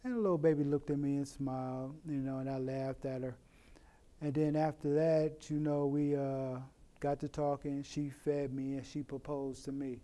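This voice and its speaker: A middle-aged man from Oakland, telling a personal story in a plain, unhurried way with many "you know" asides. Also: mid-range voice, little pitch movement, dark tone. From Oakland, California. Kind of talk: personal story told to camera. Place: in prison.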